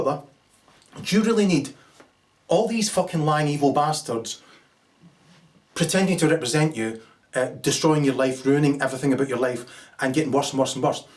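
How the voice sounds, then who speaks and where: A man rants at length, swearing freely and slipping into sarcastic, acted-out little scenes. His voice sits a touch higher than most men's. The mic is set back from him a bit. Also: far from the mic. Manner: angry, profane and sarcastic, acting out scenes. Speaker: political commentator. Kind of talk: ranting monologue.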